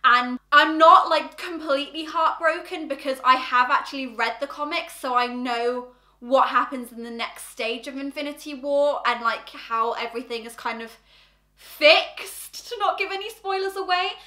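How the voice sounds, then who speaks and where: A woman's voice: high voice, steady tone, normal speed, bright, forceful tone. A young woman in her twenties hosting a casual reaction vlog, chatty and bubbly, with lots of "like" fillers. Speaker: YouTube host. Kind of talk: casual reaction chat to camera. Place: indoor home room. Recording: roomy echoey room.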